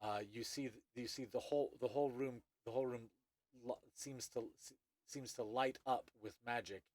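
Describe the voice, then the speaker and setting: A man's voice: medium pitch, fairly even intonation, darkish tone, dry recording. Male game master, hesitant narration, dry mic, medium voice. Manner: halting, many restarts and fillers.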